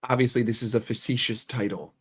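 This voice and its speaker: Young male streamer, mid-pitch, swears constantly, argues with his chat. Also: steady tone, fairly quick, slightly rough. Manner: profane, heated and argumentative; questions the chat directly. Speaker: football streamer. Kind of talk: livestream football rant.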